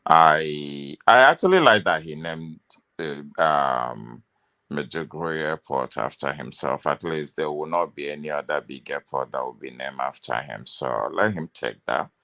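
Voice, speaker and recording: A man's voice: very deep voice, unhurried. A man arguing his views animatedly in a casual political discussion. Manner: animated, opinionated, interrupts often. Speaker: panelist.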